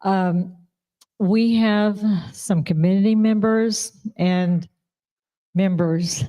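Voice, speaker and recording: A woman's voice: medium pitch, fairly even intonation, drawn-out words, mellow. A woman giving an informal, rambling speech at an awards ceremony, repeating herself as she praises a colleague. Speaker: award presenter. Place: live awards event.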